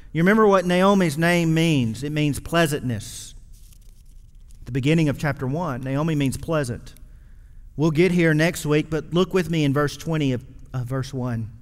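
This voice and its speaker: A man preaching a sermon as pastor, impassioned, swinging from loud exhortation to quiet, hushed lines. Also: a little high, normal speed, big-room sound.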